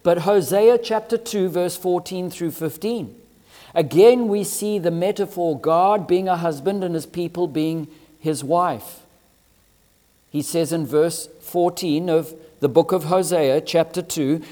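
A man delivers a sermon in a high voice, slow and deliberate, leaning hard on key words and letting phrases stretch out. His voice rings with a long reverb, as if recorded in a church sanctuary. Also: animated, mellow. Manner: emphatic, drawn-out phrasing with rising and falling emphasis. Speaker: preacher.

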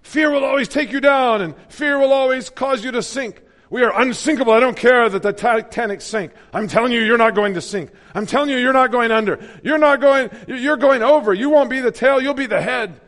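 This is a fiery prosperity preacher, as a man does him, loud and high-pitched. He hammers every phrase in an emphatic, shouted proclamation. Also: fairly quick, few pauses.

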